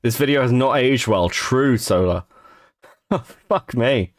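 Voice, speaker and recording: A man's voice: medium pitch, expressive, measured pace, no echo, studio quality. Sarcastic, profane man reacting. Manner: sarcastic, profane, laughing scorn. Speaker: commentator reacting to a stream.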